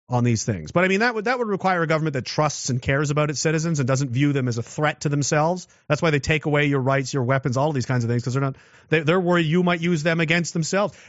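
A man's voice: on the high side, no echo. A man giving a political commentary monologue, rambling with restarts and rhetorical questions. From Canada. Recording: dull, dry lo-fi sound.

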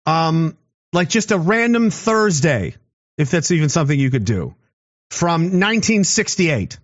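A man's voice: fairly high pitch, sing-song, measured pace, lo-fi sound. A man in his thirties in a rambling, sarcastic casual monologue, swearing and laughing often. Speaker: commentator.

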